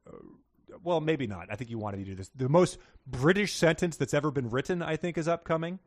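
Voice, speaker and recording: A man's voice: fairly high pitch, lively intonation, brisk, darkish tone. A man co-hosting a casual book podcast, rambling and hesitant, often joking at his own expense. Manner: rambling, hesitant, self-deprecating. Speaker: podcast co-host.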